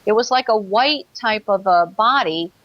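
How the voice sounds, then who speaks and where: A woman guest tells her personal story in an interview, earnest and vivid, pausing on fillers as she recalls details. Her voice sits at an ordinary pitch. The sound is dry and a little dull, with no room echo. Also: expressive.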